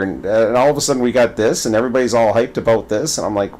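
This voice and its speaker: A man's voice: medium pitch, quick pace, few pauses. A man giving casual gaming commentary who rambles, repeats words and stumbles through his thoughts. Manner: animated, playful storytelling. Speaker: gaming video creator.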